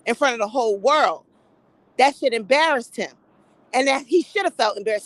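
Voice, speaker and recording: A middle-aged woman giving casual opinion commentary in a blunt, profane, animated gossip style. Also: fairly high pitch, rough recording. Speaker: commentary vlogger.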